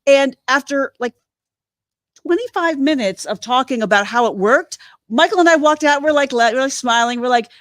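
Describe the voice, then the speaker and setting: A woman hosting a podcast in casual chat, rambling through animated stories and swearing casually. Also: high-pitched, moderate pace, no room sound, clean studio sound. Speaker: podcast host.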